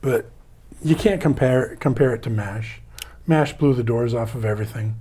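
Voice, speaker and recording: A man's voice: medium pitch, moderate pace, dark tone, breathy edge. A middle-aged man chatting as a guest, enthusiastic and sure of himself. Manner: enthusiastic, self-assured TV fan. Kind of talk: casual chat.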